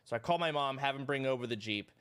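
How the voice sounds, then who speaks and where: Male streamer, casual chat, swearing a lot, rambling story, mid-pitched voice. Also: quick pace, clear, resonant tone. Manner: rambling, profane, animated storytelling. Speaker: live streamer.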